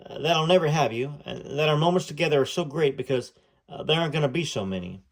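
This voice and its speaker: A man's voice: fairly high pitch, lively intonation, fast, creaky. A man voicing an earnest, hopeful young man in love, speaking in a heartfelt, pleading way.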